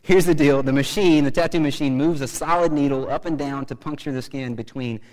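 A man preaching a sermon, chatty and joking, rising to loud emphatic bursts. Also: fairly high pitch, brisk, in a large hall, low-quality recording. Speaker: pastor.

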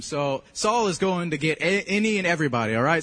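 A man's voice: on the high side, lively intonation, a little fast, hardly any pauses, a bit bright. A man preaching a sermon in a casual, joking way, often checking in with his listeners. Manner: joking, conversational preaching with frequent check-ins. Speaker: pastor. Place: church hall. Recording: reverberant hall.

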